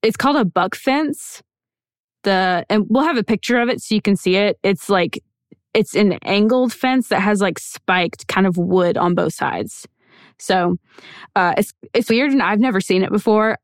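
A woman's voice: medium pitch, normal speed, no echo, studio quality. A woman hosting a podcast, telling a true-crime story in a loose, conversational way with many fillers. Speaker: podcast host.

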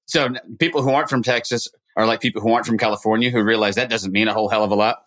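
A man's voice: on the low side, fairly even intonation, racing, a bit bright. A man hosting a podcast interview, asking probing questions and chatting in a friendly, casual way. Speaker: podcast host. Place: Texas.

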